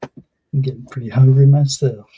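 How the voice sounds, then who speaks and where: A man chatting casually on a stream, making slow, low-key remarks. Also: fairly even intonation, slightly rough. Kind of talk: casual chat. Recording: dull, muffled audio.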